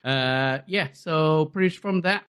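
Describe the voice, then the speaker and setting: A man's voice: fairly high pitch, measured pace, fairly bright tone, clean tone. A man in his thirties co-hosting a gaming podcast, talking casually and hesitantly, with frequent fillers as he reports news. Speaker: podcast co-host. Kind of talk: casual chat.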